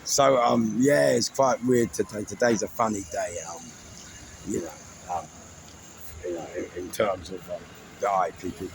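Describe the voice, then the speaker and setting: A man's voice: fairly low pitch, steady tone, measured pace, gravelly. A man with a London accent, chatting casually and rambling through stories, laughing at his own jokes. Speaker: storyteller recounting his life. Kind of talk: casual storytelling. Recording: noisy background with traffic.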